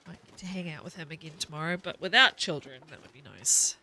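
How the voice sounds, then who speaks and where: A woman's voice: low voice, animated, fast, bright, forceful tone, slight background noise. A woman in her thirties with a New Zealand accent, chatting casually and laughing while streaming a game. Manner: chatty, rambling, laughs often.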